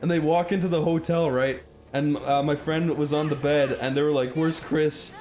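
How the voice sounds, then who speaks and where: A man's voice: a little high, a little fast, soft background music. A young Irish man on a casual podcast, telling a long story with lots of laughter. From Ireland. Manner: animated, breaks into laughter while telling a story. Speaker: co-host.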